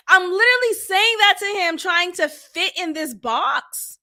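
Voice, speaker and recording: A woman podcast host gives casual commentary on an interview she is watching. Her voice sits high and bright and swings widely. She is animated and expressive and acts out the lines she quotes. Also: normal speed, few pauses.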